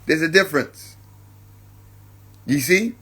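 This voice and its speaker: A man with a husky, slightly high voice hosts a reflective spiritual podcast. He talks unhurriedly and repeats his points for emphasis. He keeps asking his listeners, whom he calls family, whether they follow him. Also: animated, slow, sharp tone. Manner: keeps checking in with listeners, addresses them as family. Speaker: podcast host.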